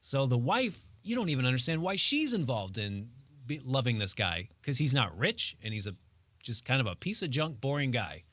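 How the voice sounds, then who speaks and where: A man's voice: mid-range voice, big pitch swings, normal speed, fairly bright tone, dry recording. A young man, a radio show producer, reviewing a movie in a casual, joking, wry way. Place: radio studio.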